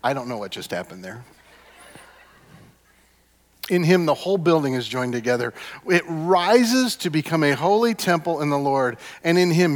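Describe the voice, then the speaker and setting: A man preaching a sermon as a pastor, emphatic, with repeated refrains that swing from hushed to loud. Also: on the high side. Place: church sanctuary. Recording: long hall reverb.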